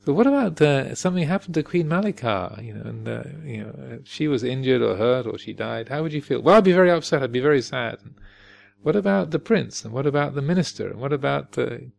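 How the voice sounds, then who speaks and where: A man voicing the Buddha as a calm male teacher, speaking slowly and patiently with questions. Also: medium pitch, vocal fry.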